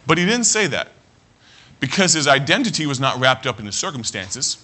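A man preaching a sermon as pastor, earnest, often restarting his phrases and slowing down to read scripture. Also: mid-range voice, sing-song, bright, forceful tone.

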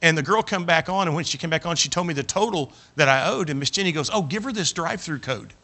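Older preacher, folksy self-mocking storyteller, slightly high, sharp-toned voice. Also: male voice, quick pace. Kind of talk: sermon with humorous personal anecdote.

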